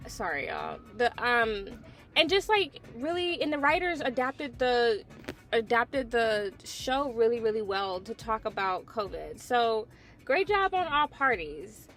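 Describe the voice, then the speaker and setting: A woman's voice: on the high side, very animated, measured pace, fairly bright tone. A woman hosting a casual TV episode review, blunt and opinionated, swearing freely. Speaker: TV review host.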